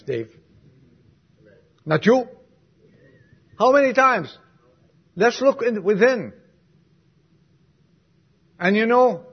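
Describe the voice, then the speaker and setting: A man preaching a sermon to his congregation, swinging from emphatic lines to soft, quiet asides and putting questions to the listeners. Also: a little high, vocal fry, slightly rough, lo-fi sound. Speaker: pastor.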